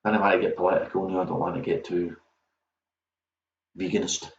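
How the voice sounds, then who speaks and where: A Scottish quiz host chats casually on a livestream, rambling off on self-mocking tangents. His deep voice barely moves in pitch and runs a little fast, and the echoey lo-fi audio is dull with faint noise.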